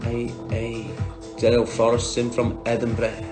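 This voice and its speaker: A man's voice: mid-range voice, completely flat delivery, unhurried, music in the background. A man with a Liverpool Scouse accent, talking on a livestream, bluntly and combatively answering viewers by name. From Liverpool, England.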